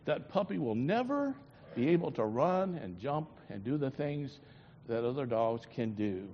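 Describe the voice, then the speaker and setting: A man's voice: medium pitch, big pitch swings, measured pace, a little hiss or hum, voice pushed down. A man voicing a patient, plain-spoken older farmer in a sermon story. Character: patient older male farmer, blunt but kind. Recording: dull lo-fi recording in a long-echoing hall.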